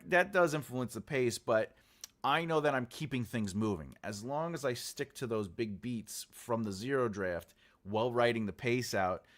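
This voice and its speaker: A man who is an author and writing coach, talking casually and rambling with many fillers as he addresses viewers in a livestream writing tutorial. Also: mid-range voice. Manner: rambling, filler-heavy, talks directly to viewers.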